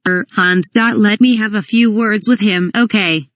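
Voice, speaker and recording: A woman's voice: mid-range voice, unhurried, dry recording, close to an everyday voice. A woman voicing an exasperated, nagging middle-aged mother scolding her grown son. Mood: flustered. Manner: nagging, indignant.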